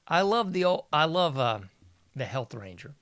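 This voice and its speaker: A man's voice: a little high, fairly bright tone, no echo. A man hosting a casual news commentary show, mocking and sarcastic, laughing often. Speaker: podcast host.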